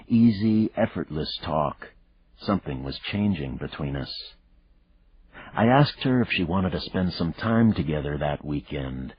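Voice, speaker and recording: A man reading a thriller audiobook in the first person, measured and reflective. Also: sits low, husky, no echo. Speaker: audiobook narrator. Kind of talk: first-person scripted narration. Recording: dull lo-fi dry recording.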